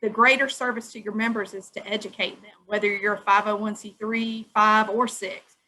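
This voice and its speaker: Bright-voiced woman making her point. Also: medium pitch, fairly even intonation, moderate pace, a little hiss or hum, poor audio. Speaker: webinar participant. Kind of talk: giving an opinion in a video call.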